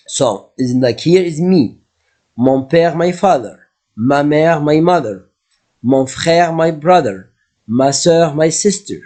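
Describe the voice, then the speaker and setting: A man teaching beginner French, whose first language is Arabic. He explains in English and repeats each French word slowly. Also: on the high side, expressive, dark tone. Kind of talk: slow classroom language lesson.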